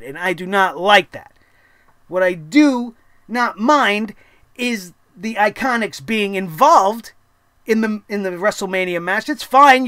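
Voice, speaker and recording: A wrestling show host tears into the latest episode in a profane, sarcastic rant. The voice sits at a middling pitch. The sound is dry and close, with no room around it. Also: a bit bright, no echo. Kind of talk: ranting wrestling review.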